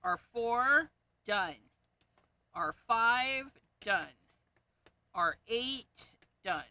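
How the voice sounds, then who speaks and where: A woman hosting a crafting livestream, with a bright, tense voice pitched a little high. She talks slowly and mutters to herself as she reads off marker codes one by one. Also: expressive, clear, resonant tone. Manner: amused at her own jokes. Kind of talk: casual livestream chat while sorting markers.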